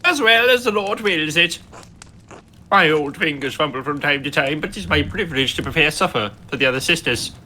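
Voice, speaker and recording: A devout elderly nun, as a man puts her on, her voice pitched high and bright with wide swoops. She speaks earnestly, like a small sermon. It comes from a game read aloud on stream. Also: lively intonation, brisk, slight background noise. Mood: pious. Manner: earnest, preachy.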